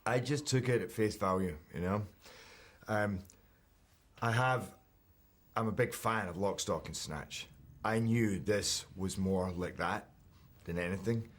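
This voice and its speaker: A Scottish man in his thirties talks through an interview at an easy pace with a very low voice. He sounds relaxed and self-deprecating, often restarting his sentences as he thinks aloud. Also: unhurried. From Scotland. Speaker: actor interviewee. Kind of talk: casual interview chat.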